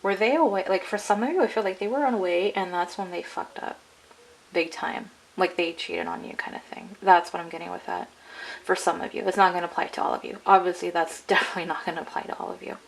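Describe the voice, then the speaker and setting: A woman with a fairly low, gravelly voice talks her viewers through a tarot reading. She rambles in a loose, chatty way, leaning on "like" and "I'm getting." The delivery stays casual and conversational. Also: fairly even intonation, fast, low-quality recording. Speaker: tarot card reader.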